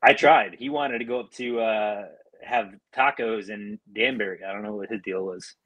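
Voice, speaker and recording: A man's voice: lowish voice, steady tone, moderate pace, a bit bright, lo-fi sound. A man co-hosting a podcast, telling a story with playful mock complaints. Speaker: podcast co-host. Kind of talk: casual chat.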